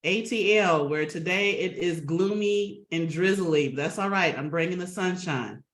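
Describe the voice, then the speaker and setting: A woman's voice: fairly low pitch, unhurried. A woman hosting a webinar over a video call, chatty and upbeat, greeting attendees by name and laughing often. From Atlanta, Georgia. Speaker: webinar host. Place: home office on a video call. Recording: roomy video call audio.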